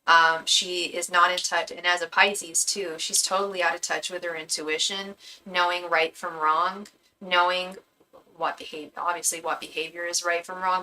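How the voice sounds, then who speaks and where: A woman's voice: fairly low pitch, pushed and bright, a little hiss or hum, rough recording. A young woman reading tarot on a live stream, talking casually with slang and rattling off repeated invocations to her spirit guides. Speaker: tarot reader and psychic medium.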